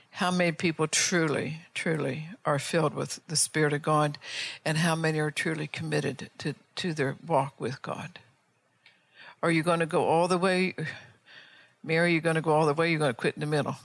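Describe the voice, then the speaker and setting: A woman's voice: low voice, vocal fry, no room sound. Fervent older woman preaching, dry sound. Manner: fervent exhorting with rhetorical questions; frequent restarts and repeated words. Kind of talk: sermon before an altar call.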